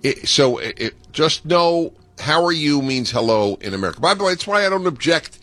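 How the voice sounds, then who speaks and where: Playful man hosting radio, bright voice. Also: on the high side, animated, fairly quick. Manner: playful, theatrical, opinionated. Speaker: radio talk show host. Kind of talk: call-in radio talk.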